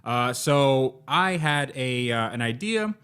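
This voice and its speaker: A man's voice: medium pitch, animated, takes it slowly, fairly bright tone, clean tone. A young man hosting a casual car podcast, talking in a rambling, jokey way with lots of fillers and restarts. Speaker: podcast host.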